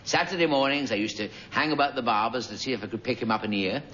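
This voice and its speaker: A man's voice: medium pitch, fast talker. A man telling a rambling comic story, chatty and digressive, full of asides. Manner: digressive, chatty, peppered with 'you know'. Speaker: comedian. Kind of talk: rambling comic monologue on radio. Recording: dull lo-fi recording with loud noise.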